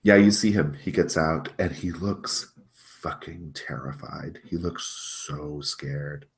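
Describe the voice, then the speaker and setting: A man narrating as game master of a tabletop role-playing game, animated and casual. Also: very deep voice, takes it slowly, vocal fry. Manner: animated, casual, many fillers.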